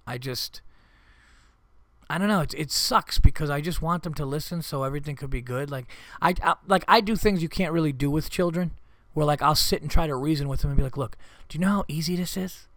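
A man with a fairly high voice talks through a casual comedic podcast story. His telling rambles as he acts out what everyone said. The sound is dry and close, with no room around it. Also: fairly quick, a bit bright, dry recording. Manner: rambling, acts out quoted family talk. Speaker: podcast host; father.

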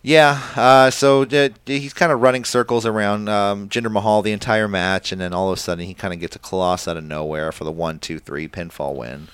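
A man's voice: lowish voice, fairly even intonation, a little fast, hardly any pauses, fairly bright tone, smooth, no room sound. A man co-hosting a casual wrestling podcast, leading the rundown in a rambling way with lots of fillers. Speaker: podcast co-host. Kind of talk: casual wrestling recap chat.

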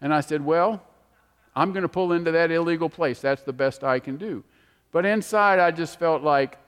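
A man preaching a sermon, animated and storytelling, moving from emphatic to hushed. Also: on the high side, fairly quick, clean tone. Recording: long hall reverb.

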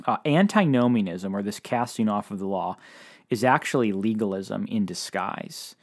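A man's voice: on the low side, animated, moderate pace. A man preaching a sermon in an earnest, conversational way, with frequent fillers.

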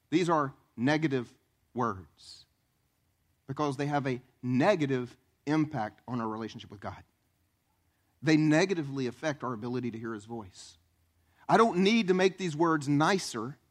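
A man preaching a sermon as pastor, animated, acting out voices and questions. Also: on the high side. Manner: animated, acts out voices and questions, southern "y'all".

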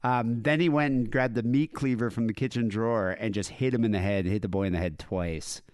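A man's voice: on the low side, fairly quick, a little mellow, clean tone, no room sound, clean studio sound. Laid-back man reading out news. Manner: wry, laid-back storytelling with frequent fillers. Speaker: podcast co-host. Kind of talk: casual chat, reading out news stories.

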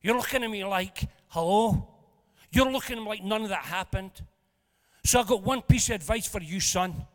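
High-voiced pastor in a reverberant hall. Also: male voice, normal speed. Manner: animated, jokey storyteller who swings between loud and hushed. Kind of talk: storytelling sermon. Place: church hall. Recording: long reverb of a church hall.

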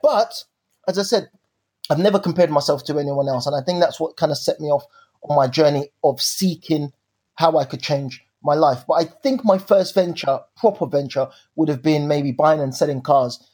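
A young man, co-hosting a podcast and telling stories in a lively, slangy way. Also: on the high side, moderate pace, slightly rough. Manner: animated storyteller, slangy. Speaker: podcast co-host. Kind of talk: casual chat.

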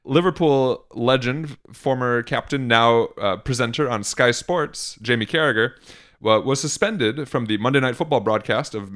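A man's voice: medium pitch, normal speed, a bit bright. A man co-hosting a casual podcast, reading news items aloud with sarcastic asides. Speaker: podcast co-host.

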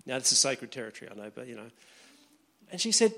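A man's voice: sits high, sing-song, fast talker, long pauses. A man preaching a sermon as a pastor, chatty and humorous, telling stories to a church congregation. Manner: conversational, storytelling with humor.

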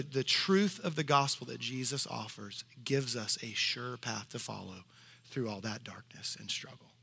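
A man preaching a sermon as pastor, talking in a conversational way and dropping to soft hushed tones for emphasis. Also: on the high side, big-room sound. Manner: conversational asides.

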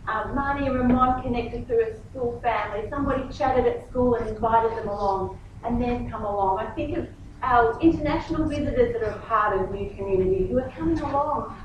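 A woman's voice: on the high side, background noise. Woman preaching in an echoey hall. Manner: animated storytelling, acts out dialogue. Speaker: pastor. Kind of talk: sermon with personal stories. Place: church hall. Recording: echoey hall, distant mic, muffled.

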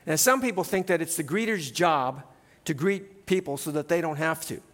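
High-voiced chatty male pastor. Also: animated, normal speed, fairly bright tone, in a large hall. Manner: conversational, keeps adding "right?". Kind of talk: sermon. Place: church sanctuary.

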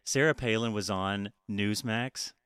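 A man's voice: lowish voice, measured pace, a bit bright, smooth, dry recording, studio quality. A man co-hosting a podcast in a casual, profane, chatty way, often laughing. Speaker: podcast co-host. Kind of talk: casual chat.

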